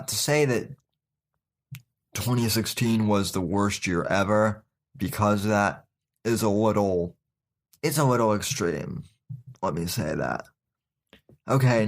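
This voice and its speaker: A man hosting his podcast, giving casual opinion commentary in a folksy, sarcastic way and calling his listeners folks, with many fillers and restarts. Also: on the low side. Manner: halting, with frequent fillers and restarts. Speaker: podcast host.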